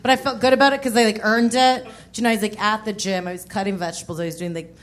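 A woman's voice: medium pitch, fairly even intonation, very fast. A woman in her thirties doing a stand-up set on a comedy club stage, candid and self-mocking, with laughing asides. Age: 30s. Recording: live band music behind.

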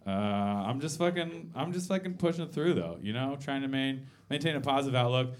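A man in his thirties doing a live stand-up set in a basement venue, swearing freely, mocking himself and tossing quick asides to the crowd. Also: mid-range voice, lively intonation. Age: 30s. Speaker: stand-up comedian.

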